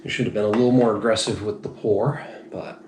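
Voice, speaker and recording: A slightly tipsy man reviews beer in a casual, rambling monologue, frank and self-deprecating. His voice is lowish, steady in tone, a little mellow, and he talks briskly. The room is echoey, with faint noise in the background.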